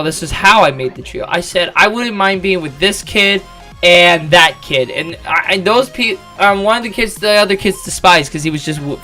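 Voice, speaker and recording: A man's voice: a little high, pushed and bright. A young man telling a rambling story about school, swearing a lot and restarting often. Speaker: vlogger. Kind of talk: casual storytelling.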